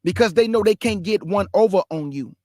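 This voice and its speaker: A man preaching Bible commentary, emphatic and firing rhetorical questions, reading scripture aloud slowly and deliberately. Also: high-pitched, lively intonation, darkish tone, no echo, studio quality. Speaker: online Bible teacher.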